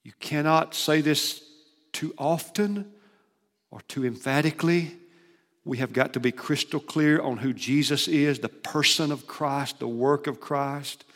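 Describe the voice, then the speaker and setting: A man preaching a sermon, shifting between emphatic, loud declarations and hushed, quiet passages. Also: fairly high pitch, unhurried. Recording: long hall reverb.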